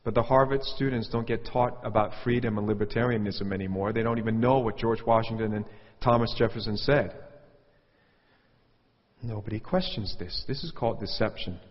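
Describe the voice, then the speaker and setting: A man preaching a sermon with commentary, animated, and he mocks the quotes he reads in a raised voice. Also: fairly low pitch, normal speed. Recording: dull audio with long hall reverb.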